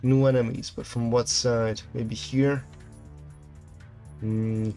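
A man's voice: medium pitch, little pitch movement, slow, mellow, faint music behind. A man playing a video game, reading its text aloud and reacting casually to the fights. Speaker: gameplay commentator.

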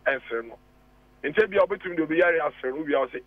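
A man with a Ghanaian accent calling in as a radio guest, arguing deliberately with rhetorical questions, heard over a phone line. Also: a little high, dry recording. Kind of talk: radio talk show discussion.

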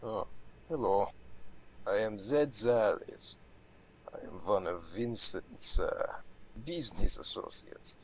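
A man voicing a shady male business associate in a low, hushed voice that trails toward a whisper. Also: expressive, slow, long pauses. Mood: secretive. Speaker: map character. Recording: distant game audio, faint noise.

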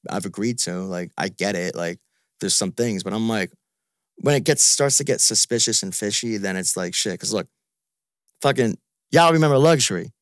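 A man's voice: sits low, normal speed, no echo, clean studio sound. A man venting in a frustrated, repetitive, profane way in a casual podcast chat. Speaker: podcast guest.

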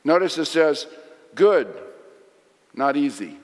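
A middle-aged man preaching a sermon, swinging from loud emphasis to hushed lines. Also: mid-range voice, unhurried. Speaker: pastor. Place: large church sanctuary. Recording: long hall reverb.

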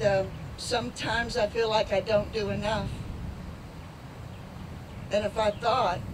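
A woman speaking at a rally, halting and heartfelt, close to tears at times. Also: mid-range voice. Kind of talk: emotional outdoor speech. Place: outdoors at a riverside lock. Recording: distant mic, loud outdoor noise.

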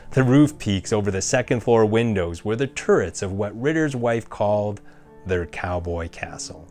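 A man narrating a scripted ghost story in a measured way and voicing the characters himself. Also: on the low side, lively intonation, a little mellow, soft background music.

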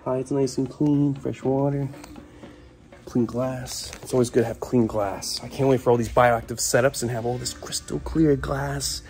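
A man's voice: medium pitch, steady tone, normal speed, darkish tone. Chatty man showing off his reptiles. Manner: chatty, enthusiastic, coos at the animals. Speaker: reptile keeper and show host. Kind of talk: casual animal-care vlog. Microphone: phone propped up on a can.

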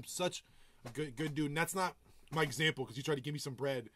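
A man producer chatting casually on a live stream, telling loose stories full of swearing and giving hyped shout-outs to viewers. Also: a little high, fairly quick, a little hiss or hum. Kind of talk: casual livestream chat. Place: home music studio.

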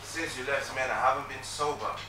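A man's voice: mid-range voice, fairly quick. Playful man in a very echoey room. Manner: playful, teasing. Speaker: reality show contestant. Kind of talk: joking video tribute. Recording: very echoey, distant mic, noisy.

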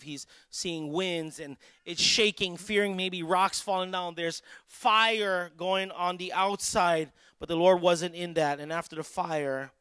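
A man's voice: fairly high pitch, fairly bright tone, clear, resonant tone, no room sound. A man preaching a sermon as pastor, telling stories with quoted dialogue and building to emphatic peaks.

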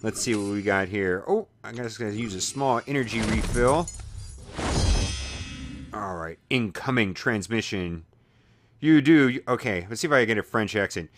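A man's voice: mid-range voice, animated, unhurried, a bit bright. A man hosting a mobile game video, giving casual, rambling, self-deprecating commentary while he plays. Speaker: mobile gaming video host.

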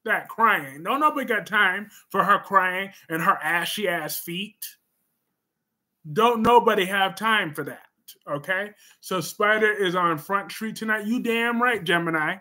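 A man hosting a casual livestream, reading viewer comments in a sassy, emphatic way with sudden loud bursts. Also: sits high, measured pace.

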